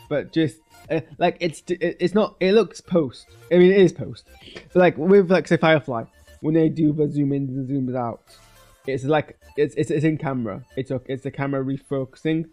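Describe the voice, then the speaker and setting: A man's voice: a little high, a little mellow. A man giving a casual spoken film review, rambling and hesitant with many restarts. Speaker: video creator reviewing a film. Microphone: streaming webcam setup.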